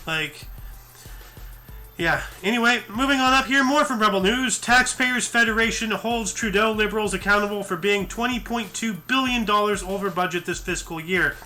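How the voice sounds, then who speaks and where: A man's voice: sits high, normal speed, sharp tone, soft background music. A tired man hosting a news show, reading articles aloud and breaking off into rambling asides full of fillers and restarts. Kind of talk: casual news commentary read from articles.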